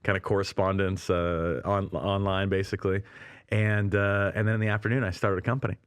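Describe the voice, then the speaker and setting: A man from Canada, a ministry leader, telling his story as an interview guest in a lively, animated way, acting out quoted dialogue and laughing often. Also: low-pitched, fairly quick, clear, resonant tone, dry recording.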